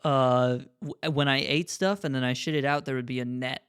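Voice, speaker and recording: A young man in casual podcast banter, mid-pitched and loose, swearing freely between laughs. The sound is dry and close, with no room around it. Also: fairly even intonation, moderate pace, fairly bright tone, clear, resonant tone, no room sound. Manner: loose, joking, swears often. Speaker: podcast co-host. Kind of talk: casual chat.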